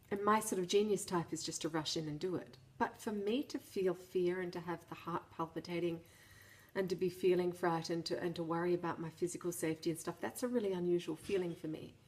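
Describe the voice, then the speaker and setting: A woman's voice: on the low side, brisk, a little mellow. A middle-aged woman chatting casually to camera, telling a personal story with a self-deprecating, laughing manner and frequent restarts. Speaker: vlogger.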